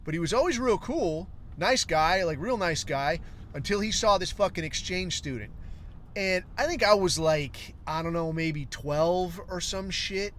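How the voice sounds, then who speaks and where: A man's voice: high-pitched, measured pace, fairly bright tone, slight background noise. A man in his forties, a podcast host, telling a long profane story in a rambling, wry way. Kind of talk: casual storytelling monologue.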